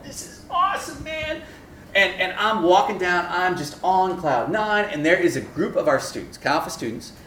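A man giving a sermon to students, telling stories with humor and acting out the voices in them. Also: high-pitched. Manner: animated, acts out voices in his stories. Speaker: campus minister giving a talk. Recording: echoey room, mic at a distance, faint noise.

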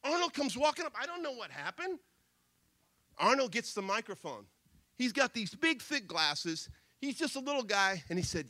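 High, bright-voiced man telling a story on stage. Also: sing-song, normal speed, no echo. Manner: punchy, repeats phrases, swings from hushed to loud. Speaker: motivational speaker. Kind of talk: energetic storytelling speech.

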